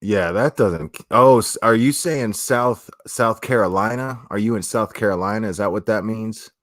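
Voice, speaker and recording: A man's voice: lowish voice, normal speed, fairly bright tone, no room sound, clean studio sound. A man from South Florida with a South Florida accent, chatting casually on a livestream and answering comments in a rambling, profane way with many restarts. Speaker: streamer.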